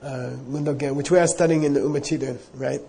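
Mellow, husky Buddhist teacher. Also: male voice, a little high, steady tone, quick pace. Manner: casual, rambling, many fillers. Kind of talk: dharma talk storytelling.

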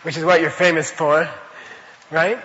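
A man's voice: a little high, little pitch movement, measured pace, pushed and bright. A man giving an informal spiritual teaching, rambling and chatty, often saying "you know" and telling stories. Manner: laughs while telling stories. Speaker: Buddhist teacher. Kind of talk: informal spoken teaching with anecdotes. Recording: reverberant hall, dull lo-fi sound.

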